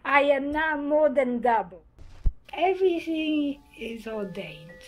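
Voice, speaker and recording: A woman's voice: sits high, slow, faint music behind, poor audio. An older woman, a survivor, telling her life story. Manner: lively, laughs while telling stories. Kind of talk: personal storytelling.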